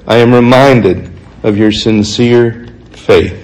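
A man preaching a sermon, reading scripture passages aloud and explaining them in an earnest, conversational way, slowing down to stress key points. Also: mid-range voice, steady tone, a little mellow, rough recording. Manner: earnest, conversational, slows for emphasis.

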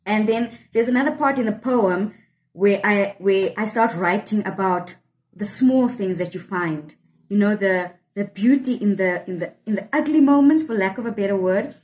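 A poet in her thirties, South African by accent, discusses her poem in a candid interview, earnest and reflective, often breaking off to restart sentences. Her voice is medium-pitched and a little mellow at a moderate pace, though the audio is poor.

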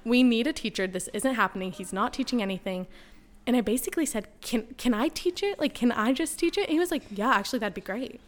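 A young woman, a podcast guest, telling stories in casual chat, full of "like" and quick laughs. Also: fairly high pitch. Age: young adult. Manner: animated, heavy use of "like", laughs while telling stories.

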